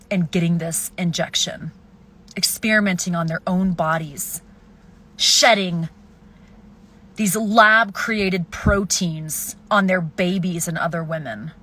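A young woman ranting furiously and profanely at the camera, swinging between shouts and hushed hisses. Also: on the low side. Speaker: video poster. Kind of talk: angry self-filmed rant.

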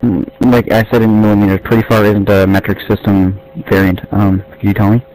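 A man trolling other players over in-game voice chat, deadpan and mock-serious. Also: on the low side, brisk, low-quality recording.

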